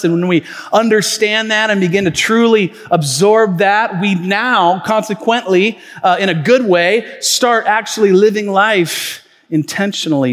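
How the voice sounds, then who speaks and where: A male pastor preaching a sermon in a reverberant church auditorium. His voice sits fairly high, and he talks in a loose, storytelling way with plenty of fillers and restarts. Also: a bit bright. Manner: conversational storytelling with many fillers.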